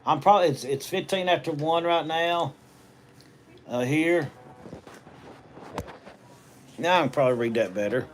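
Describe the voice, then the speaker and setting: His voice sits on the high side, unhurried, with long pauses and slight background noise. A middle-aged Southern US livestream host and auctioneer, he reads viewer comments via phone from a hospital treatment room, rambling in casual, folksy country talk.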